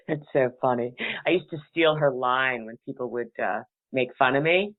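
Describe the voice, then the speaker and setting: A woman's voice: a bass voice, normal speed. Giggly woman host on a tinny line. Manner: giggly, laughs often, rambling. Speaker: radio talk show host. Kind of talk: casual chat and storytelling.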